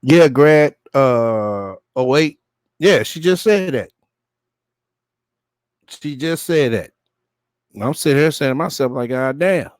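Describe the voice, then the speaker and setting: A man's voice: mid-range voice, animated, slow, long pauses, no echo, studio quality. A man hosting a reaction show, blunt, profane and mocking in casual commentary.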